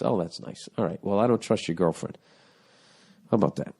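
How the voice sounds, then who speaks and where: Blunt, profane comedian ranting. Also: male voice, low-pitched, a little fast, vocal fry, dark tone, breathy edge. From United States. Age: 40s. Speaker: podcast host. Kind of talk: comedic podcast rant.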